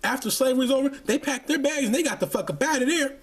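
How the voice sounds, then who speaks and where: A man with a high, husky voice delivering angry ranting commentary. He talks heatedly and profanely, often stumbling through repeated restarts. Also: fast talker. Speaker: channel host.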